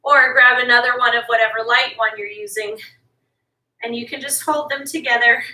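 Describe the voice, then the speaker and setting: Woman fitness instructor, high voice, motivating workout coaching, echoey room, distant mic. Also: steady tone, moderate pace, bright, forceful tone. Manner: motivating, pushes listeners to keep going. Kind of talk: workout coaching while exercising.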